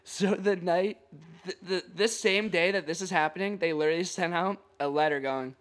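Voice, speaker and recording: A young man with a fairly high voice tells a rambling, profane story to his friends in casual chat. He laughs often and curses freely as he goes. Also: steady tone, a little fast, a bit bright. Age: young adult.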